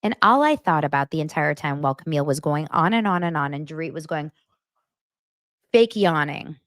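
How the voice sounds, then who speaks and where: A low-pitched woman talks briskly in a studio-quality recording with no room sound. She hosts a casual gossip podcast recapping reality TV, speaking in an animated, blunt way, swearing freely and acting out quotes in voices.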